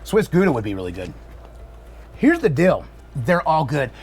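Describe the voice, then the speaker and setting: A man's voice: a little high, huge pitch swings, moderate pace, darkish tone, breathy edge. A middle-aged man co-hosting a casual cooking video, easygoing and agreeable, giving short replies and tasting notes. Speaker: cooking channel co-host.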